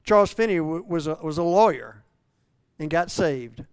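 An older male preacher in his sixties works through scripture in a homey, joking way, tripping over his words and restarting often. His voice is smooth and sits a touch high for a man, and it climbs loud and high when he acts out a frustrated believer. The sound is dry and close to the mic. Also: animated, moderate pace, no room sound. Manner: folksy, self-deprecating preaching with many restarts; rises loud and high when voicing the apostle's struggle. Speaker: pastor. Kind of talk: sermon.

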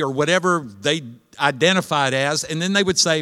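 A man's voice: a little high, a little fast, sharp tone, smooth, big-room sound. A man preaching a sermon as pastor, chatty, throwing questions at the congregation. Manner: conversational, asks the congregation questions.

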